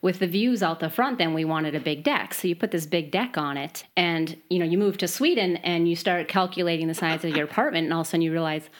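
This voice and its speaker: A woman from Michigan's Upper Peninsula with a softened Yooper accent, chatting casually and laughing often. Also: fairly low pitch, fast talker, few pauses. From Upper Peninsula of Michigan, USA. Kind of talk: casual conversation.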